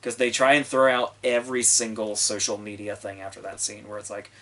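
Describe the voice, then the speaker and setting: A man's voice: lowish voice, monotone, brisk, creaky, few pauses, fairly bright tone. A man reviewing a film on his podcast in a rambling, casual way, swearing often and restarting sentences. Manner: rambling, profane, full of fillers and restarts. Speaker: movie review podcast host.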